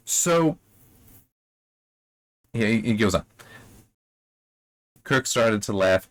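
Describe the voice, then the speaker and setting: A man's voice: fairly low pitch, slow pace, long pauses, fairly bright tone, dry recording. A man giving a casual, rambling commentary as a book reviewer, thinking aloud.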